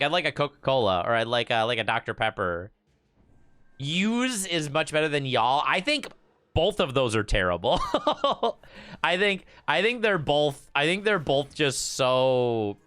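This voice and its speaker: A man's voice: on the high side, sharp tone, clear, resonant tone, no room sound. A young man with a Michigan accent, chatting casually to his stream while playing a card game, often stammering and repeating words. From Michigan, USA. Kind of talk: casual gameplay streaming chat.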